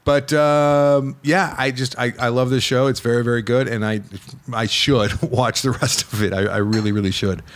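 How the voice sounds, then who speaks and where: A man hosting a casual podcast chat, animated and teasing, his voice jumping high when he gets exasperated. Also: normal speed. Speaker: podcast host.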